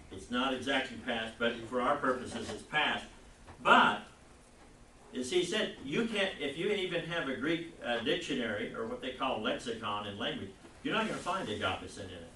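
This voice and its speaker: A man teaching a Bible class, lecturing in a rambling, halting way and putting questions to the class. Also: mid-range voice, pushed and bright, slight background noise. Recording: echoey classroom recorded from far off.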